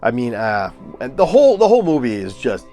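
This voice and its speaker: A man's voice: medium pitch, wildly swooping pitch, brisk, dark tone, soft background music. A man giving a casual, opinionated movie review, ranting and scoffing with lots of fillers and restarts.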